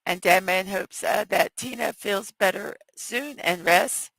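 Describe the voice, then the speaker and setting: A woman with a scratchy, hoarse voice hosts a casual morning livestream, reading viewers' chat messages aloud and talking unhurriedly. Her tone is bright, and the sound is dry and close, picked up by a headphone mic. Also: medium pitch, a little slow, few pauses, no echo. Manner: reads viewer chat aloud, chatty and apologetic. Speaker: morning show host.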